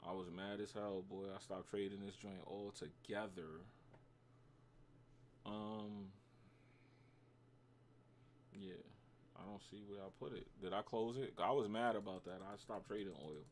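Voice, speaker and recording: A livestream host with a New York accent talks loosely with his chat in a slangy, joking way. His voice sits on the low side. A faint background hum runs under his speech. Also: steady tone, unhurried, pauses often. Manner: slangy, banters with chat, reacts to trades.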